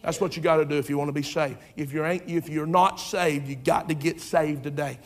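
A pastor preaching a sermon in a church, fervent and repetitive, swinging from loud urging to quiet asides. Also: male voice, on the high side, fairly even intonation, brisk, hardly any pauses. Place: church sanctuary.

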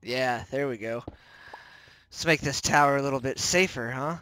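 A man hosting a game let's play, commenting on his own play with jumpy, excitable reactions, yelps and self-mockery, close to the microphone. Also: medium pitch, moderate pace, clear, resonant tone, no room sound, faint music behind. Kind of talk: gameplay commentary.

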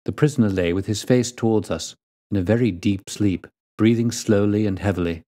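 Low-voiced man reading a story aloud. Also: brisk, dark tone. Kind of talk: storybook reading of a classic detective tale.

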